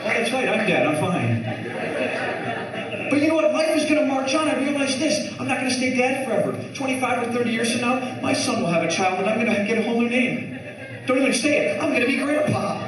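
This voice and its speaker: A man's voice: quick pace, a crowd in the background. A man performing a stand-up set to a live audience, telling his story with lots of animation. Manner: animated storytelling, swings pitch a lot. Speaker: stand-up comedian. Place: comedy club stage. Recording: echoey live club, distant mic. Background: audience laughter.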